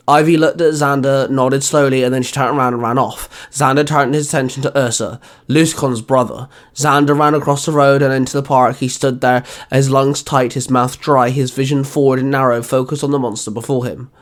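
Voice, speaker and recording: A man's voice: medium pitch, steady tone, a little fast. Male amateur narrator reading fan fiction; mid-range voice, plain storytelling. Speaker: fanfiction reader and narrator.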